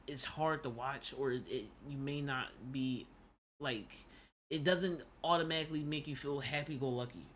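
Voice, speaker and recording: A man's voice: on the high side, fairly bright tone. Male streamer, AAVE, casual reaction chat, loose and emphatic, faint background hum. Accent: African American Vernacular English. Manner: loose, emphatic, slangy, repeats phrases.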